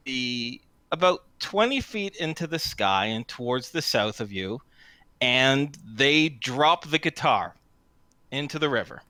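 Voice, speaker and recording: Lively, bright-voiced man game master. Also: mid-range voice, clean tone, dry recording. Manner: unhurried, stumbling restarts, laughs often. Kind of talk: narrating a tabletop game.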